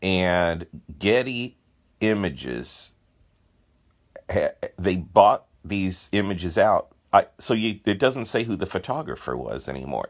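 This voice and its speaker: A man, a painter, chatting casually about his artwork. He rambles through excited stories full of asides and exclamations. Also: fairly low pitch. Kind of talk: casual chat.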